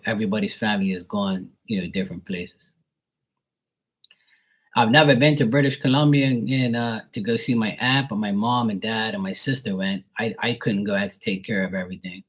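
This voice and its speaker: A man's voice: fairly low pitch, fairly bright tone. A young man from Bermuda with a mild Bermudian accent, chatting casually on a livestream, rambling with fillers and repeated words. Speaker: live tarot reader.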